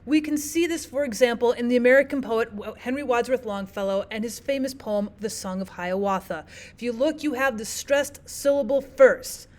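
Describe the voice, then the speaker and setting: A woman explaining poetic meter in a lesson, walking through examples and slowing down to read lines of verse aloud. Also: on the high side, darkish tone. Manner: clear, measured teaching delivery, slows to read verse aloud. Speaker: teacher. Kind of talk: explaining poetry lesson over slides.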